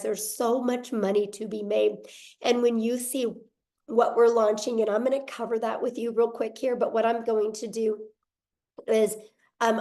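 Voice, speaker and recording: A woman hosting an online webinar, giving an upbeat sales pitch and addressing viewers directly. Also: warm tone. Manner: upbeat, keeps saying "you guys". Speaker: webinar host.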